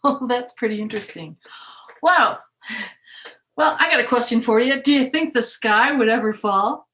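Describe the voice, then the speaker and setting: A young woman reading a picture book aloud to children, animated, with gasps, laughs and questions to her listeners. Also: a little high, unhurried, long pauses. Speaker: museum educator reading to children. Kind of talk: storytime read-aloud.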